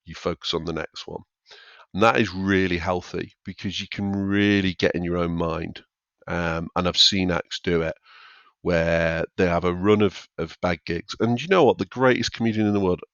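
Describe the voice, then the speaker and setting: Deep-voiced comedian chatting. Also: male voice, fairly bright tone, dry recording, muffled recording. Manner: chatty, acts out quotes of himself and others. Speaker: stand-up comedian guest. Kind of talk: casual podcast conversation.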